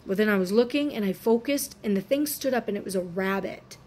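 A woman's voice: mid-range voice, a little fast, a little mellow. A woman in her thirties with a swollen throat and fever, talking earnestly and rambling in a casual faith vlog. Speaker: Christian vlogger.

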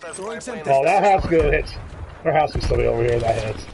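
A man giving live commentary on his own shooter game, excitable, swinging between quiet muttering and high yelps and pleading. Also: a little fast, gravelly, background noise. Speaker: gaming streamer. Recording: gunfire and game sounds behind the voice.

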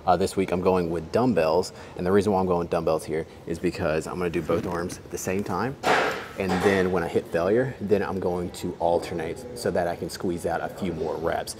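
A man's voice: low voice, normal speed, background noise. A young man talking through his arm workout in a gym, casual and full of fillers, a bit out of breath between sets. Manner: explaining exercises while training, filler-heavy and relaxed. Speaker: fitness vlogger.

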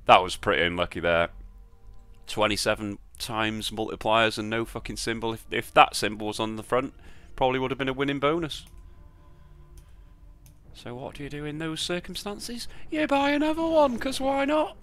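A man's voice: mid-range voice, moderate pace, a bit bright. Sweary, sarcastic British man. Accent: British English. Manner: sweary, sarcastic, mutters to himself. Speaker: slot streamer. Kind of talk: casual live slot commentary.

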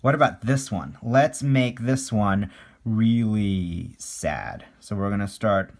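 A man coaching children through a playful drawing lesson at his art desk, animated, with gasps and little sound effects. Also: on the low side, takes it slowly. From Canada.

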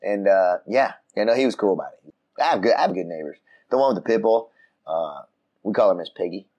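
A man on a casual podcast, telling a story with lively voices for the people in it. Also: low voice, brisk, dull audio. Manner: animated storytelling, acts out voices, frequent restarts. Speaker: podcast co-host. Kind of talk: casual chat. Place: room outside the usual studio.

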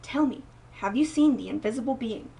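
Woman playing a stern wise storybook guardian, firm and sharp, kinda far from the mic. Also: on the high side, brisk, vocal fry. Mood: questioning. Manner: calm and firm, turning sharp and forceful. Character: stern, wise young woman guarding her brother's home. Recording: voice a bit distant from mic.

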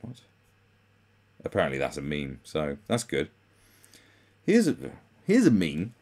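Unhurried yet full of huge pitch swings, this darkish-toned British man hosts sarcastic commentary on memes. His manner is mocking and sweary, with frequent jumps into high mock voices.

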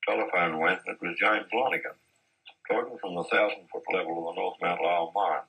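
Man, deep voice, husky, forceful, storytelling, old interview. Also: poor audio. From Australia. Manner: measured, anecdotal, with occasional restarts. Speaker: interviewee, former mine boss. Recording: 1970s archive interview.

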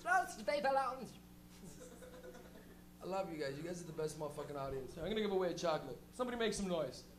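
A man performing stand-up comedy on a live club stage as the show's host. He talks in an animated, profane way, laughing often and shouting for effect. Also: a little high, rapid-fire, few pauses.

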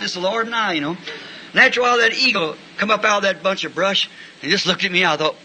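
A man preaching a sermon, telling folksy stories and breaking into shouts of praise. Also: high voice, fast talker, a little hiss or hum, low-quality recording. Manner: folksy, animated, bursts into shouting. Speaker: pastor. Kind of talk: sermon with storytelling.

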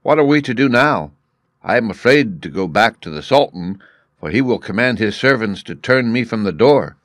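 A scheming, penniless court jester, read by a man in a storybook, pleading and eager. The voice is fairly low, and the dry sound has no room echo. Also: expressive, normal speed, fairly bright tone. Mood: worried.

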